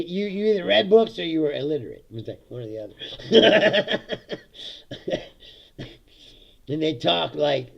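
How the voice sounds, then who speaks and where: A man runs a laid-back solo livestream through a streaming setup mic, cracking sardonic, profane jokes and laughing at them often. His mid-range voice is gravelly, with lo-fi sound.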